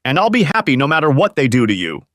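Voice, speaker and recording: A man voicing an angry middle-aged judge who shouts threats at a prisoner. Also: medium pitch, huge pitch swings, quick pace, no echo, clean studio sound, pitched above the performer's own voice. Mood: furious. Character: furious vengeful middle-aged male judge.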